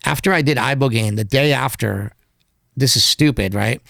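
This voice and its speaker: Guesting on a podcast, a documentary filmmaker talks at a moderate pace in a mid-pitched voice that is gravelly yet a bit bright. The casual interview finds him candid and meandering, with heavy filler words between thoughts. He's recorded close and dry in a studio with no echo.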